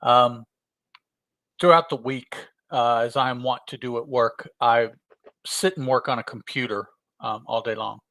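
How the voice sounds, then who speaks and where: A man co-hosting a podcast, rambling and hesitant, with a bright, forceful tone. The sound is dry and close to the mic. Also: mid-range voice, fairly even intonation, unhurried, gravelly, no echo. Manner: rambling, hesitant, many fillers and restarts. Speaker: podcast co-host. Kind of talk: casual podcast chat.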